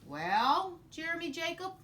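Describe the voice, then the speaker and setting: A woman voicing a loud, bossy male pirate captain in a storybook read-aloud, bellowing his orders. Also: big pitch swings, a little slow, a little hiss or hum, exaggerated voice. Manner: bellowing, booming pirate talk.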